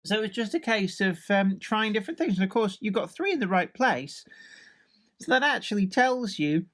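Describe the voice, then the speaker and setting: A chatty woman who talks eagerly and at length in a relaxed home vlog. Her voice is of middling pitch. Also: normal speed. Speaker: co-host and opponent. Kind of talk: casual chat.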